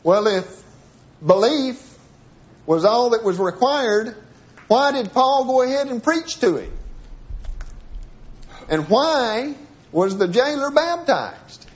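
A man's voice: very high voice, animated, slow pace, pauses often. A man teaching a sermon-style Bible lesson, reading passages aloud and then breaking them down piece by piece with frequent restarts. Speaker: preacher. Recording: dull lo-fi recording.

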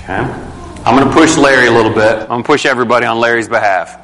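Guy leading a bible study, bright forceful voice, echoey room with long reverb, casual and emphatic. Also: medium pitch, very fast. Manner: casual, emphatic, asks the group questions.

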